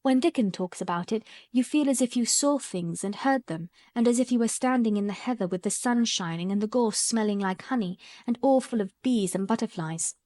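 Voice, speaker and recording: A woman's voice: a little high, fairly quick, few pauses, warm tone, dry recording, studio quality, close to an everyday voice. A woman reading the part of a stubborn, contrary young girl in an audiobook, speaking bluntly. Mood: earnest. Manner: blunt, obstinate.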